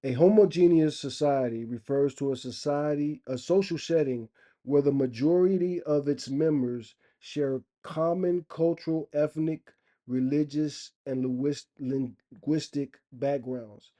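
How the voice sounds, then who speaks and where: A man's voice: a little high, unhurried, dark tone. A man vlogging in a rambling, opinionated casual monologue. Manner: rambling, opinionated, loose and conversational.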